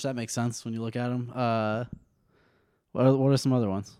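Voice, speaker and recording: A man's voice: mid-range voice, a little fast, dark tone, no room sound, studio quality. A man in casual chat, laughing often and asking playful questions.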